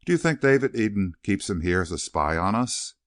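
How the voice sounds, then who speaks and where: A man reading an audiobook, voicing an earnest, tender young woman in a gently raised voice. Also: on the low side, big pitch swings, brisk, no echo, studio quality.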